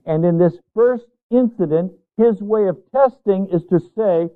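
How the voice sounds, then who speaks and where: Guy preaching a bible sermon, kinda high voice, earnest and emphatic, sounds like a tinny phone line. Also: a little slow. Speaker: pastor.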